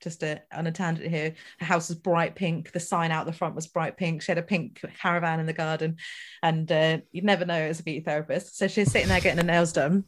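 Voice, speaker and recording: Woman on a podcast, lowish voice, chatty and wandering, lots of ums and tangents. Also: level tone, fast. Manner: rambling anecdote with fillers and asides. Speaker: podcast host. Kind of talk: casual chat, storytelling.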